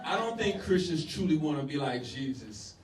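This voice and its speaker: At a moderate pace and very animated, a man with a slightly high voice performs spoken word for a live audience, punchy and declamatory, with offhand asides to the crowd. The room echoes and he sounds far from the mic.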